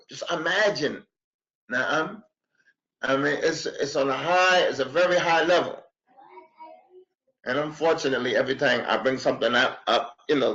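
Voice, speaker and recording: A man gives a religious class lecture in a somewhat high voice. He talks with energy, repeats phrases and acts out what others say. The recording sounds a little dull and muffled. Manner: animated, repeats himself, acts out quotes. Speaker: Arabic teacher.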